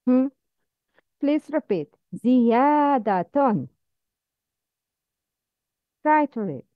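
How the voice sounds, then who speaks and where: Slow, careful woman teacher. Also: high-pitched, big pitch swings, no echo, phone-quality sound. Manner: slow, careful drilling with repeated prompts. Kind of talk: Arabic letter pronunciation lesson.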